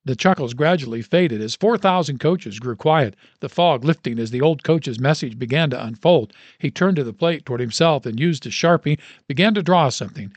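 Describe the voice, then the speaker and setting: A man's voice: a little high, expressive, moderate pace, hardly any pauses, no room sound. Man reading a story aloud. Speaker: radio host reading a story.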